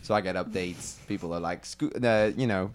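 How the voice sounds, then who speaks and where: A man improvising a rambling party guest who spins deadpan tall tales and laughs at his own jokes in a comedy podcast. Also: low-pitched, a little fast, clean tone, lightly acted. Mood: playful.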